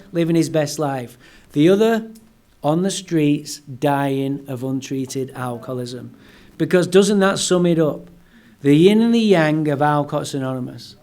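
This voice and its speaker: A man telling his personal story as a guest speaker at a recovery meeting, animated and blunt, with some profanity. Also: a little high. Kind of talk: personal storytelling talk to a live audience.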